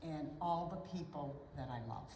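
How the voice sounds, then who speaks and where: An older woman, a parish housekeeper, answering questions in a sweet, earnest, soft-spoken way. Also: low voice, moderate pace, slight background noise. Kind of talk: casual interview. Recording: echoey room, mic at a distance.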